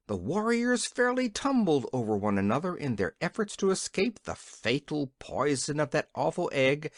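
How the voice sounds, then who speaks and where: Man reading an old kids fantasy book, really lively voice, dry close mic. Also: a little high, no echo. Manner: expressive storytelling. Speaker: audiobook narrator. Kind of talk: scripted narration.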